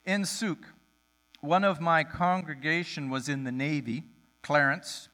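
A male pastor giving a sermon, telling a story with lively storytelling and acting out the voices of the people in it. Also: fairly high pitch.

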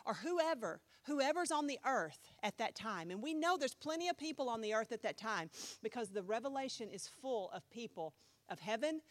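Lively, higher-voiced woman pastor. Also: dry recording. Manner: chatty, animated, asks the class many questions. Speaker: pastor teaching a Bible class. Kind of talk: informal Bible class teaching.

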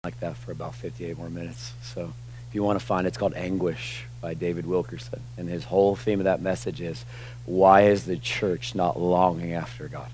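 A pastor in his forties preaches to his congregation in a church sanctuary, keeping it casual and conversational and often saying "like" and "y'all." His low-pitched voice has a darkish tone and fairly even intonation at a normal speed. There's a little hiss or hum in the recording.

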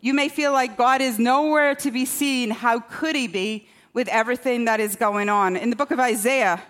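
A woman's voice: fairly high pitch, normal speed, fairly bright tone. A woman pastor preaching a sermon in a conversational, self-deprecating way, often checking in with the congregation. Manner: conversational, self-deprecating humor, rhetorical "okay?".

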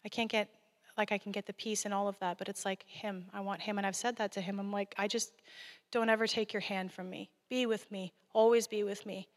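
A woman's voice: medium pitch, steady tone, brisk. A woman preaching a guest sermon in an earnest, conversational way. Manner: earnest, conversational, laughing at times. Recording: long hall reverb.

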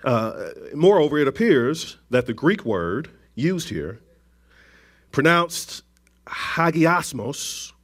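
A man preaching a conversational sermon, with frequent restarts, asides and gentle jokes to the congregation. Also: medium pitch, sing-song, measured pace, few pauses.

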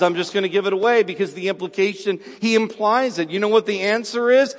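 A man with a high, light voice preaches in a church sanctuary, his words ringing with a long reverb off the hall. He drops to a hushed tone when he tells a story, then slows right down and leans hard on each phrase to drive a point home. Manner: swings from hushed storytelling to slow, emphatic preaching. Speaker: pastor. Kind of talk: sermon.

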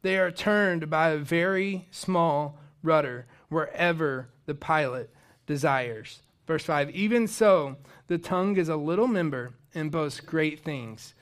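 A man's voice: on the high side, measured pace, a bit bright. A young man giving a casual, conversational sermon, telling personal stories and lifting his voice for emphasis. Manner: conversational, storytelling, rising with emphasis. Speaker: preacher.

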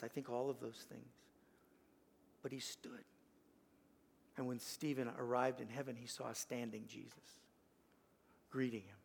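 An older man preaching a sermon as pastor, earnest, swinging from loud emphasis to a hushed, gentle invitation. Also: mid-range voice, vocal fry. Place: church sanctuary.

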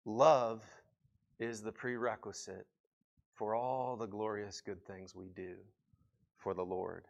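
A man's voice: mid-range voice, fairly bright tone. A man preaching a sermon in an earnest, fervent way, with many fillers and restarts. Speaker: pastor.

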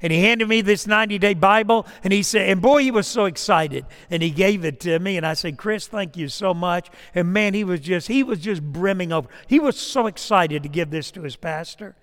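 A pastor with a notably high voice delivers a sermon in a slow, emphatic cadence. He sinks to a soft, confiding tone when telling stories. The sound rings with a long reverb, and his mic crackles now and then. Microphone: lapel or stage mic.

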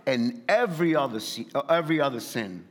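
A man's voice: mid-range voice, expressive, fairly quick. Repetitive, emphatic preacher man in a hall. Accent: non-native English. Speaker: pastor. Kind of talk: sermon.

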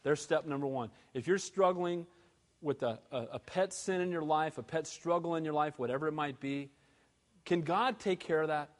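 At a normal speed, this pastor delivers his sermon in a high voice, animated and shifting between loud and hushed moments. The recording carries a long reverb from the hall.

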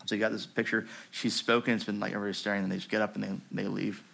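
A man pastor preaching a sermon in a conversational, animated way, with fillers and rising emphasis, dropping to a hushed voice for a story. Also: very fast, gravelly, few pauses, slightly rough. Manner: drops to a hushed, low voice when reading the story. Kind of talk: sermon with read-aloud story.

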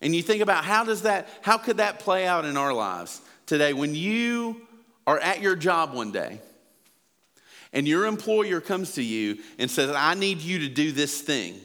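A man's voice: very animated, unhurried, bright, forceful tone. Emphatic male pastor in reverberant hall. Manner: earnest, emphatic preaching that builds in pitch and volume. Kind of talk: sermon.

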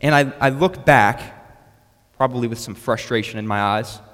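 With a mid-range, slightly bright voice at normal speed, a young preacher shapes his sermon around a personal story. He often restarts his words as he narrates, and the sound carries a hall's long reverb.

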